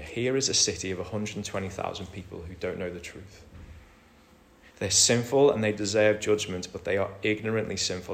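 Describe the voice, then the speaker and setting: A man's voice: lowish voice, vocal fry. Expository male preacher. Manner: expository, acts out quoted lines with big swings in loudness. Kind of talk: sermon.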